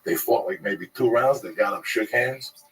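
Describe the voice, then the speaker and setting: A man's voice: on the low side, moderate pace. A man telling rambling, profane street stories in a casual group conversation. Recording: distant mic with clear background noise.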